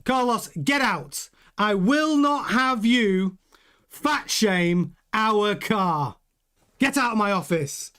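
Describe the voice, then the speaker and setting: A man voicing an exasperated, defensive male team boss who speaks in a stern, brisk and insistent way. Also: high-pitched, close to an everyday voice. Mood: indignant, exasperated.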